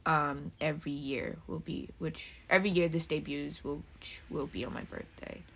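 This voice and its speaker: Lowish chatty young woman podcaster. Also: fairly even intonation, normal speed, creaky, slightly rough. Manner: chatty, swears freely, rambling asides. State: throaty from just waking up. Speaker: podcast host. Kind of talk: casual solo podcast rambling.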